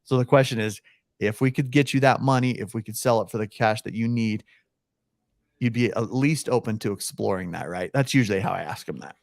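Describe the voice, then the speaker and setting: A man's voice: lowish voice, brisk, vocal fry, no room sound. A man being interviewed on a podcast as a real estate coach, energetically acting out phone scripts. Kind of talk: podcast interview, coaching with role-played calls.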